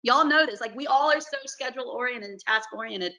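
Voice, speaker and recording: A periodontist woman from Alabama, talking earnestly and warmly over a video call on a panel. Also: fairly high pitch, brisk, rough recording. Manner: earnest, effusive, says "y'all".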